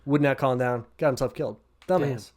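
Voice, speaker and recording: This man, co-hosting a laid-back podcast, swears constantly as he retells a story over drinks. His voice is mid-range, and he keeps leaping into short, shouted impressions.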